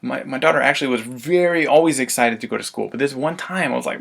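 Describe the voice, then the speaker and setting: A man giving a parenting webinar, lively and laughing often, acting out everyday demands parents make. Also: mid-range voice, fast talker, vocal fry, few pauses. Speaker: parenting coach. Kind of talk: webinar presentation.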